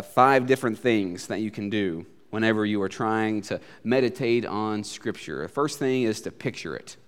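A man's voice: a little high, smooth, in a large hall. A man preaching a sermon as a pastor, hesitant with many fillers at first and then building to emphatic repetition.

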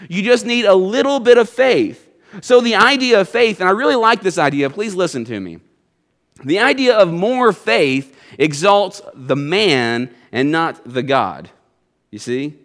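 A man preaching a sermon in a church, talking conversationally, often checking in with the congregation and dropping into soft low asides. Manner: conversational preaching, asks the congregation "you see?".

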